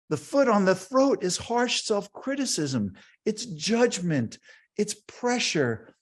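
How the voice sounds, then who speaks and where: Earnest, reflective man giving a talk. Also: sing-song. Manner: slow, reflective and earnest, dropping low for quiet moments. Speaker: speaker on grief and self-care. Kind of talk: conference talk.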